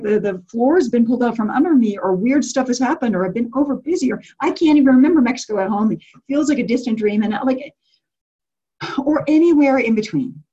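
A woman's voice: on the high side, slightly rough, highs cut off. A woman leading a retreat group on a call, talking casually and animatedly, with many restarts and fillers. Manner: animated, often acting out quotes with laughs. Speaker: retreat leader speaking to a group.

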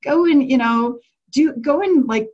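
The audio is dull as a woman with a high-pitched voice speaks unhurriedly to her retreat group on a call. She is casual and animated, full of fillers and restarts, and frequently performs quotes with laughs.

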